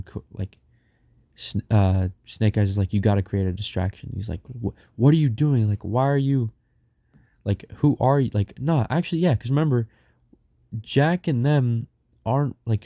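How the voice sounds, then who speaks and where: A young man talks his way through a long story in a loose, rambling way, stacking fillers and restarts. His voice sits low and sounds very dark and mellow. The sound is dry and close, with no room around it. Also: dry recording. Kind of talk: casual storytelling.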